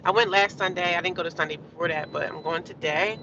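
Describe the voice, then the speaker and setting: A woman's voice: on the low side, fast talker, lo-fi sound, background noise. A woman from New Jersey live-streaming, bluntly ranting at trolls and chatting casually with viewers.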